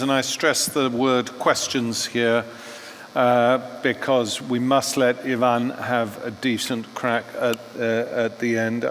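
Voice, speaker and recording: A man moderating a panel discussion in a conference hall, directing it in a brisk way. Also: mid-range voice, flat delivery, a bit bright. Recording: echoey hall with faint background noise.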